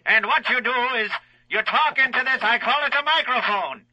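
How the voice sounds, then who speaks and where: A quaint old-timey inventor shows off his wax disc machine in a very high, sharp, showy voice, as a radio host puts him on. He talks slowly, like a proud demonstrator from long ago. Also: lively intonation, heavily acted, rough recording. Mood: demonstrating.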